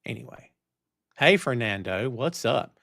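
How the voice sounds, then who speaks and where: A man's voice: medium pitch, expressive, a little slow, vocal fry, a bit bright, dry recording, clean studio sound. A middle-aged man hosting a live wrestling chat show, ranting and talking straight to his chat. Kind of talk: casual live-stream chat. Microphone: headphones and studio mic.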